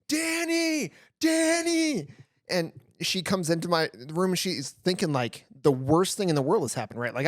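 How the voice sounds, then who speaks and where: A middle-aged man co-hosting a casual podcast, with a slightly high voice. He tells his stories in an animated way, full of stammered restarts and swearing. The recording is close and dry. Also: no echo. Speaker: podcast co-host. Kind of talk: casual chat, storytelling.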